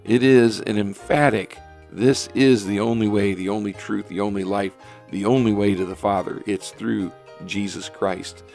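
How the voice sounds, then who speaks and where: A man's voice: lowish voice, steady tone, normal speed, vocal fry, darkish tone, faint music behind. A man who hosts a radio program as a pastor, preaching in an earnest, emphatic way with frequent ums and restarts. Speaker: pastor and radio show host. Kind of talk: radio talk show preaching.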